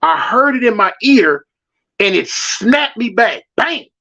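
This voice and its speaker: A man's voice: very high-pitched, slow. A man telling a street story in casual slang, acting out the voices and answering his live chat. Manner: animated, slangy, acts out voices in his stories. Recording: dull lo-fi audio.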